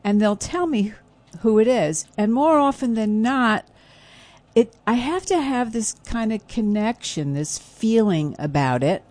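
A woman's voice: fairly high pitch, lively intonation, a little slow, darkish tone. A chatty woman telling stories in a casual radio conversation. She laughs easily and talks in a friendly, rambling way. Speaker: radio show host, guest. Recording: broadcast radio studio.

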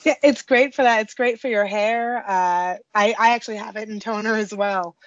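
A woman's voice: mid-range voice, normal speed, no room sound, highs cut off. A woman baker, a guest on a radio show, talking hesitantly with many fillers and small laughs. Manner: hesitant, many ums and uhs, giggly. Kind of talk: casual interview chat.

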